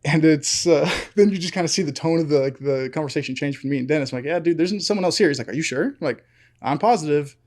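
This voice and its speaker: A man's voice: fairly high pitch, quick pace, darkish tone. A man co-hosting a podcast, telling a story in casual chat, acting out quotes and laughing often. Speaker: podcast co-host.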